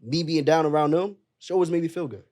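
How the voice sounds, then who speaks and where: A young man speaking as a podcast guest, sharing a personal story with open, earnest emotion. His voice sits a little higher than most men's, and he keeps dropping a casual "bro" among friends. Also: quick pace, a little mellow. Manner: emotional and earnest, calls the listener bro often.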